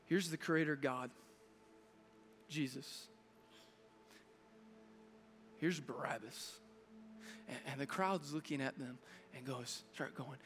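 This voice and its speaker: A man's voice: medium pitch, unhurried, long pauses, fairly bright tone, soft background music. A man in his thirties preaching a sermon as pastor, earnest and building in intensity, with frequent restarts. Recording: long reverb of a large hall.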